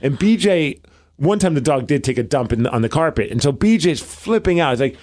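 A man's voice: a little high, lively intonation, a little fast, darkish tone. A man hosting a radio show, casually telling a funny anecdote from the station. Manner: chatty anecdote teller, laughs often. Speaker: radio host.

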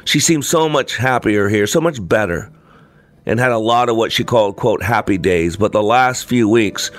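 A man voicing a gentle, apologetic young mother who speaks softly and falters with grief. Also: lowish voice, normal speed, natural voice. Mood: grieving.

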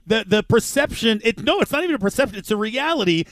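A man's voice: sits high, expressive, fast, a bit bright, no room sound. A man co-hosting a sports talk radio show, asking rambling, joking questions in a studio. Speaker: radio co-host.

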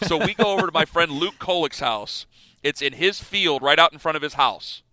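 Man, thirties, sports radio host, animated storyteller, high bright voice, dry close mic. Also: normal speed, dry recording. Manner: animated, laughing storyteller who acts out scenes.

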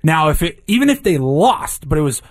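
A man co-hosting a sports talk show, talking things through in a relaxed, conversational way. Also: fairly high pitch, a little fast, dry recording, clean studio sound. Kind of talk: casual sports chat.

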